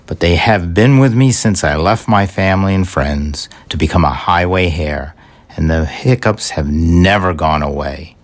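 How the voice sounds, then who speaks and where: A man doing a greedy hiccuping highwayman hare. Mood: grumbling. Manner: slow, deep, grumbling demands. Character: hiccuping young male hare bandit, greedy. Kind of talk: storybook reading.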